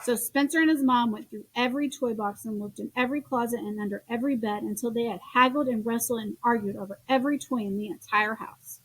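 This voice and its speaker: A woman reading children's picture books aloud in an expressive storytelling manner. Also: a little high, quick pace, hardly any pauses, husky, no room sound. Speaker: storybook reader.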